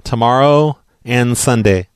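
Deadpan man making a pushy prank call. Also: medium pitch, measured pace, clear, resonant tone, no room sound. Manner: pushy, deadpan, matter-of-fact. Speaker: prank caller.

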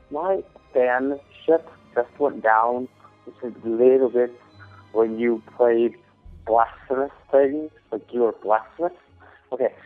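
Man leaving an indignant voicemail. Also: medium pitch. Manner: half-joking indignation. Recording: tinny voicemail with faint music.

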